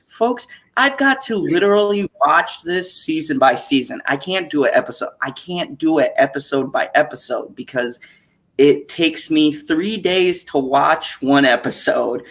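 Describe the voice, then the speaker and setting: A woman's voice: deep voice, measured pace. A woman hosting a casual stream, ranting in a profane, exasperated way with frequent laughter. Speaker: streamer hosting an open chat.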